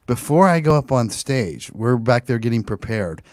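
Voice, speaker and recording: A man's voice: medium pitch, moderate pace, no echo, clean studio sound. A man who hosts a casual comedy chat, telling stories and acting out the people in them. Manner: animated storyteller, acting out quotes. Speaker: comedian host. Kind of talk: casual chat on a video call.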